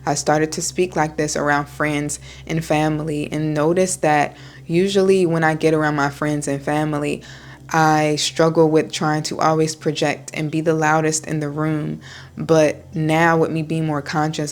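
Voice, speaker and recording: A woman vlogger speaking in a low, soothing voice, slow and deliberate, pausing between her sentences. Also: level tone. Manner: slow, soft, deliberate speech with pauses. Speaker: wellness vlogger. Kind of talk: calm talking-head vlog.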